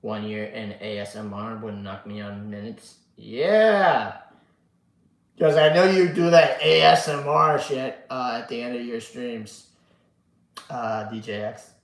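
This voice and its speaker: A tired man chats slowly on a live stream, stopping often on fillers and swearing as he answers chat. His voice sits at a middle pitch and rings in an echoey room. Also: level tone. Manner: rambling, swears casually, many fillers. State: sleepy, yawning. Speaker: livestream host reading chat.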